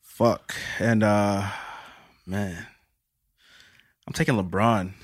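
A man's voice: on the low side, steady tone, drawn-out words. A man co-hosting a casual podcast chat, slangy and swearing. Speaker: podcast co-host.

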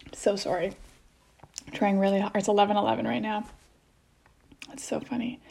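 A woman's voice: medium pitch, level tone, a little slow, creaky, pauses often, darkish tone, breathy edge. A woman in her thirties, a mother, telling a personal story casually on a podcast, rambling with many restarts. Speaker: mother sharing experiences as podcast guest.

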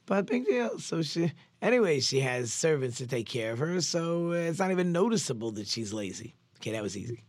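Husky rabbi telling a lively story. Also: male voice, a little high, a little fast, few pauses, no echo, studio quality. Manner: animated storyteller acting out characters' lines. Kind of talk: sermon storytelling.

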